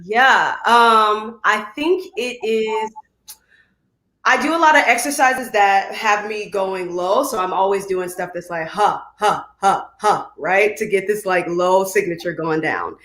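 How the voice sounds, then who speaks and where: Young chicago actress chatting away, animated, echoey room. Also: female voice, medium pitch, unhurried. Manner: animated, laughs often, demonstrates vocal exercises. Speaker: musical theatre actress. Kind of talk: casual video interview.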